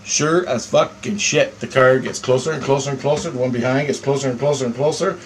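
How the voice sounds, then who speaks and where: A man telling a story in a rambling, profane monologue, swearing constantly and getting animated as he tells it. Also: mid-range voice, fairly quick, a little hiss or hum. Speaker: vlogger.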